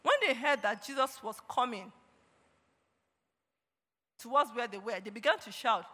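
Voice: mid-range voice, expressive, moderate pace, long pauses, sharp tone. Preacher in a reverberant hall. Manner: punctuates with repeated praise calls, reads scripture aloud. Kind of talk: sermon. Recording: long reverb of a large hall.

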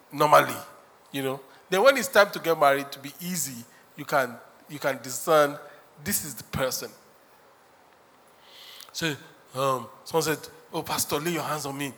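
A man's voice: on the high side, lively intonation, a little slow, long pauses, sharp tone. A man preaching a sermon as pastor, joking, acting out quotes and laughing often. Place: church hall. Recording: reverberant hall.

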